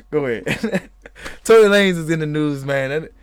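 A man's voice: fairly high pitch, clean tone, no echo. Tipsy man rambling on his podcast. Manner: rambling, laughs often, talks to live chatters. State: a little tipsy. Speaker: podcast host. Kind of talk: casual live-stream chat.

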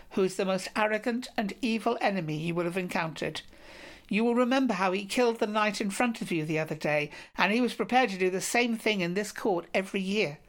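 A woman's voice: medium pitch, close to an everyday voice. A woman reading a solemn wounded knight. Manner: formal, solemn storytelling. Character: grateful wounded male knight, formal. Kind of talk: audiobook reading of a medieval romance.

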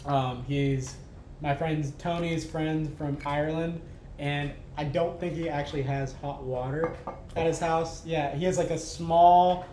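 A man hosts a podcast with a fairly high voice, telling stories in an animated way with frequent laughter and casual swearing. The sound is echoey, with a faint low rumble underneath. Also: unhurried. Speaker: podcast host. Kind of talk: casual chat.

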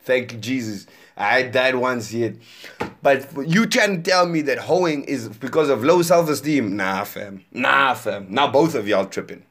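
A man's voice: medium pitch, expressive, unhurried, fairly bright tone. A man in his twenties hosting a podcast, reacting to interview clips in a profane, exasperated casual rant and repeating himself for emphasis. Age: 20s.

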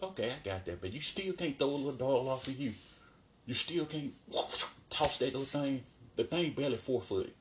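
Male vlogger, low-ish voice, loose colloquial recap, laughs a lot. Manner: animated, colloquial, laughs often. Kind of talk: casual commentary.

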